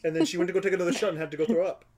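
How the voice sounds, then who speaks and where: A man on a podcast telling a party story in an animated way, laughing and acting out other people's lines. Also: sits high, very fast. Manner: animated, laughing, acts out quoted voices. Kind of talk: casual storytelling chat.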